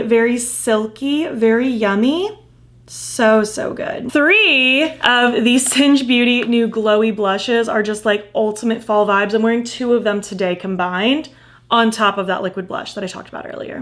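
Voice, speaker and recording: Gushing young woman reviewing makeup. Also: medium pitch. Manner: gushing, enthusiastic, lots of fillers like "like" and "so cute". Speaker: beauty vlogger. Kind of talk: casual product review.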